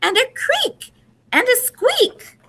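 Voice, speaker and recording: A scared little bear cub whispers from under the covers in a high, bright, timid voice, as a woman reads him aloud. It is a gentle storybook voice for children, lifted well above ordinary speech. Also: sing-song, slow, slight background noise, heavily acted. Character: small frightened young bear cub.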